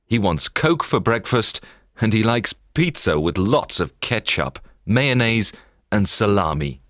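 A man reads a children's story aloud with a very deep voice that still rises and falls a great deal. He takes his time, pacing every sentence slowly and clearly. The sound is close and dry, with no room around it. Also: no echo. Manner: expressive, measured read-aloud delivery. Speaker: narrator. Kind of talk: scripted storybook narration.

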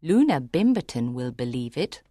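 Brief: man putting on a calm, scheming lady's companion, soft and slow, voice pitched up high. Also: no room sound, clean studio sound, exaggerated voice. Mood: sly. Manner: quiet and deliberate. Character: sly, calm woman companion blackmailing her employer.

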